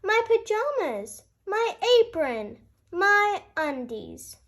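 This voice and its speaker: A fussy, easily upset forest fox, as a woman reading a storybook puts it on. The voice rises high and swoops with complaint, spoken slowly and clearly. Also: very animated, fairly bright tone, exaggerated voice. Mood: indignant. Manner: complaining, indignant.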